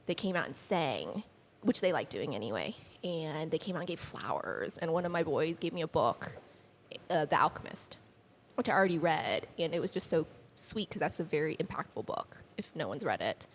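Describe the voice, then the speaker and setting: A woman guest on a podcast telling personal stories in a chatty, animated way, acting out quoted dialogue with many fillers. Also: moderate pace, a little hiss or hum. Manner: animated, acts out quoted dialogue with lifted pitch. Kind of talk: casual conversational storytelling.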